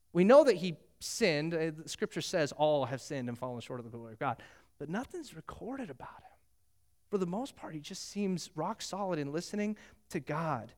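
Animated high-voiced male preacher. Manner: animated storytelling, acting out biblical dialogue. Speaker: pastor. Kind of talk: sermon.

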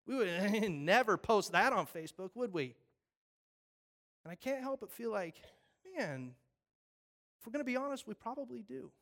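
A man preaching a sermon, animated, acting out scenes with voices and pleading earnestly. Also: high voice, moderate pace, gravelly, pauses often. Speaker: pastor.

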